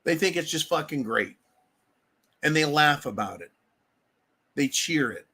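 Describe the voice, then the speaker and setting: A man's voice: on the high side, lively intonation, unhurried, pushed and bright, slightly rough. A man hosting a live stream, ranting heatedly with frequent swearing and calling his listeners folks. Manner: keeps addressing listeners as folks. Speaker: livestream host.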